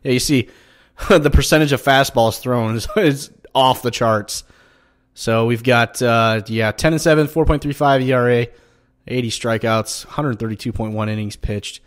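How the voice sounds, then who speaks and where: A man commenting on his own baseball video game play, swearing and flaring up at bad pitches, and talking straight to his viewers. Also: steady tone, normal speed. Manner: swearing, frustrated outbursts at the game. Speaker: gaming YouTuber. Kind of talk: gameplay commentary.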